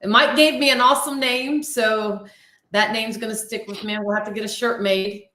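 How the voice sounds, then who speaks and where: A woman's voice: a little high, fairly even intonation, bright, forceful tone, a little hiss or hum. Friendly woman in an echoey room. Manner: friendly, thankful, a bit halting. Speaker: podcast guest and medium. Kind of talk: casual chat.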